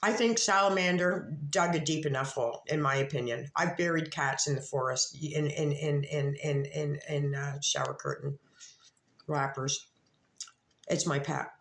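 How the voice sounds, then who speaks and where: A woman's voice: deep voice, expressive, normal speed, a bit bright. Profane rambling woman in echoey room. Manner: profane, rambling, with frequent restarts. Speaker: YouTube commentator. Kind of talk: casual rambling commentary.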